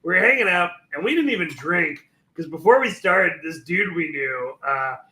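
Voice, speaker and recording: A man's voice: fairly high pitch, lively intonation, moderate pace, sharp tone, reverberant, low-quality recording. A man co-hosting a casual chat, telling stories with lots of laughter and filler words. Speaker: co-host.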